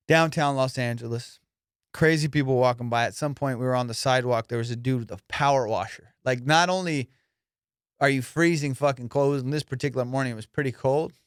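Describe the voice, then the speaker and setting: A young man, a comedian hosting his podcast, telling a profane, animated story. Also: medium pitch, smooth, no room sound, clean studio sound. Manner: profane, animated, acts out voices. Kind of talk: casual storytelling.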